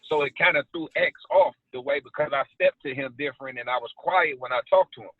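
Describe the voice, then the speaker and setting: A man's voice: fairly high pitch, a little fast, dry recording. Man, casual slangy storyteller, thin phone-like sound, dry. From South Side Chicago. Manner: animated storytelling with street slang. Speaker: actor guest. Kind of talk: casual interview chat.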